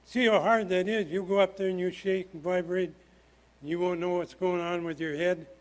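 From a church lectern, an older man delivers a sermon in a high, ringing, steady voice at a moderate pace. He works through scripture earnestly and emphatically, pressing each point hard.

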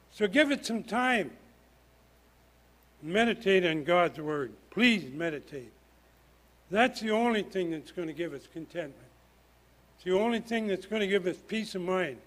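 A man's voice: high-pitched, fairly bright tone. Older man preaching an earnest sermon. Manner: earnest, emphatic, pounding the lectern.

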